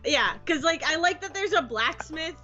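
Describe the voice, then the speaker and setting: A woman with a fairly high voice reacts eagerly to a game, with quick bursts of enthusiasm. The recording is a touch muffled, with faint music in the background. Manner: excitable, quick reactions and laughs. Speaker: podcast co-host. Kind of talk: casual game-stream chat. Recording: slightly dull audio with faint music.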